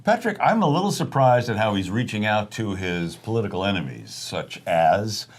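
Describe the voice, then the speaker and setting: A man's voice: lowish voice, normal speed. A man co-hosting a casual political talk show, steadily setting up topics and answering his partner with short agreements. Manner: steady, conversational, leads topics with brief agreements. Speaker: co-host.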